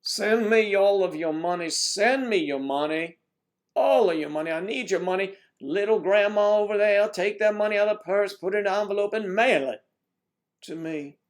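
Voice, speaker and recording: A man's voice: normal speed, lightly acted. A man impersonating a greedy male TV preacher who keeps pleading for the viewers' money. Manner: pleading, booming sales pitch. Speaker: livestream host doing an impression.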